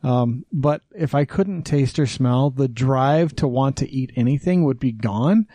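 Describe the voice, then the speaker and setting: Mellow-voiced joking American man. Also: mid-range voice, a little slow, no echo. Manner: crude joking, teasing banter. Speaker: podcast host. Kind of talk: casual chat.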